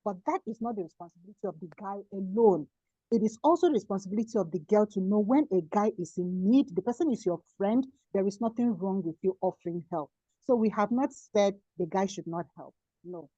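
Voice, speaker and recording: A woman on a video call hammers home her points, repeating key words for emphasis. Her voice is dark and mellow. The audio is dry and a little dull. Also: mid-range voice, animated, fairly quick, slightly rough, no room sound. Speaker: panelist summing up a discussion. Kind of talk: online panel discussion.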